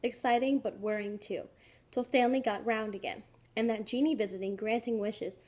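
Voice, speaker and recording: A woman narrating a children's storybook in a clear, expressive reading. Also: fairly high pitch, moderate pace.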